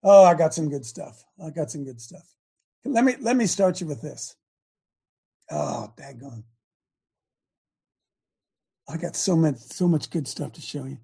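A man with a gravelly, husky voice hosts an online faith show, preaching in a loose, conversational way. He keeps asking his viewers direct questions and often trips over and restarts his words. His tone is dark and mellow. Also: fairly high pitch, unhurried, long pauses. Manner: animated, talks straight to viewers with repeated questions. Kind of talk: casual preaching to a live online audience.

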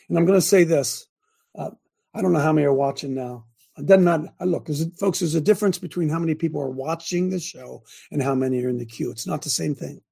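A man's voice: fairly high pitch, creaky, a little mellow, husky. An older man hosting a show, preaching in a fervent, rambling way full of restarts. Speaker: host and preacher. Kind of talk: preachy livestream talk.

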